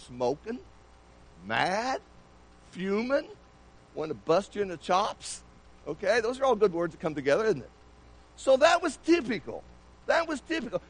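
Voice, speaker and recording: Male preacher, high animated voice, conversational sermon full of questions to the pews. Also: breathy edge, low-quality recording. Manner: conversational, asks the congregation many questions. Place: church.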